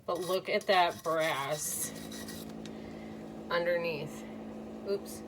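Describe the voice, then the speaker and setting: A woman's voice: fairly low pitch, very slow. A woman from the Midwest with a Midwestern accent, chatting casually through a DIY restoration project and talking straight to her viewers. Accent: Midwestern American. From American Midwest. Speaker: DIY crafter. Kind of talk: casual how-to narration. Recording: distant mic with room noise.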